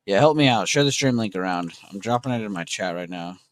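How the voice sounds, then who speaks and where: A man's voice: lowish voice, fast, no echo. A young man hosting a trading livestream, chatting casually and slangily with his viewers. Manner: relaxed, slangy, talks to chat with "bro" and "dude".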